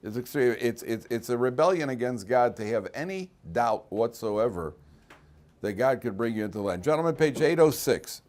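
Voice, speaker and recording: A rabbi teaching a Torah class to students in a classroom, acting out voices from the story and breaking off to speak to the students directly. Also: male voice, mid-range voice, a little hiss or hum. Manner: animated, acts out voices of people in the story.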